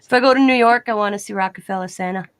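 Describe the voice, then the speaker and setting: Speaking very fast in a clean, mid-range voice, a woman guesting on a live online show tells rambling personal stories casually, acting out the back-and-forth without altering her voice. The recording is dry.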